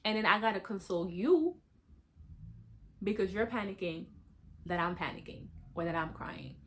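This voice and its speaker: A young adult woman vlogging in a casual, candid chat while getting ready, talking in animated, slangy bursts that jump high for emphasis. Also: moderate pace, a little hiss or hum.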